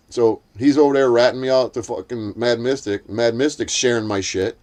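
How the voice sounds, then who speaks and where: At a moderate pace and with a darkish tone, a man chats casually about a heated incident, swearing plenty. He imitates what other people said in a shrill voice.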